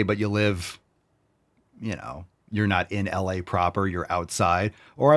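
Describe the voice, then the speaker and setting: A man in his forties from New York hosting a fitness show, reading viewer meals aloud in a loud, brash, profane, riffing way. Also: lowish voice, moderate pace. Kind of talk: casual chat reading viewer posts.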